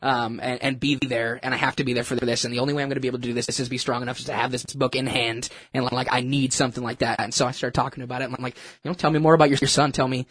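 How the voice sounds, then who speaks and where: A man telling a personal story in a casual, animated, self-mocking way, with lots of restarts. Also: medium pitch, very fast, few pauses. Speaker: churchgoer sharing a testimony.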